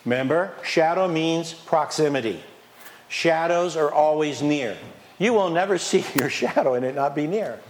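A man preaching a sermon as pastor, lively and conversational, firing questions at the congregation and dropping from loud emphasis to near whispers. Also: fairly high pitch, a little hiss or hum. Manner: animated, questions the congregation, swings from loud to quiet; playfully mocks excuses in a whiny put-on voice.

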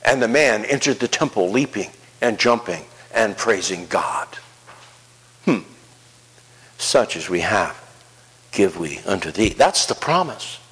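A male pastor preaching a sermon, swinging between soft, low asides and rising, emphatic declarations. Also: expressive, a little slow, long pauses, husky. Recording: long hall reverb.

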